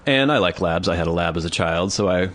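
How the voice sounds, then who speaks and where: A man's voice: deep voice, fast, a little hiss or hum. A man co-hosting a podcast, telling a story in casual chat and acting out other people's voices. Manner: animated storyteller, acts out voices. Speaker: podcast co-host.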